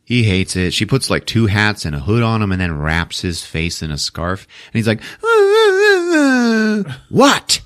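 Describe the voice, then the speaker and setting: A man's voice: normal speed, hardly any pauses, fairly bright tone. A man hosting a podcast, recapping a movie with profane jokes. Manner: profane, acts out characters in squeaky voices. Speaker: podcast host.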